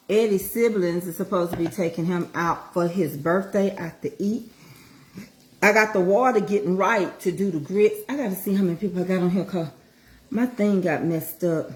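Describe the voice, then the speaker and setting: A woman's voice: fairly low pitch, darkish tone, slight background noise. A middle-aged woman chatting casually in a livestream while she cooks in her home kitchen, folksy and motivational. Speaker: vlogger. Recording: echoey kitchen with frying sizzle.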